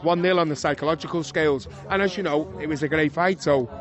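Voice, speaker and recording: Fast-talking Liverpool man telling stories. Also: fairly high pitch, highs cut off. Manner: lively storyteller, chuckling, swears oaths. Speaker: retired boxer, guest. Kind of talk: casual interview anecdote. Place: outdoors at an evening boxing event.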